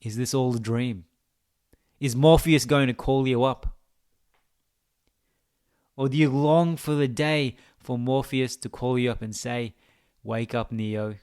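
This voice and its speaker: A man's voice: medium pitch, steady tone, measured pace, long pauses, a little mellow, clean tone. A man with an Australian accent, a gaming video creator giving a rambling, mock-philosophical monologue that teases the viewer.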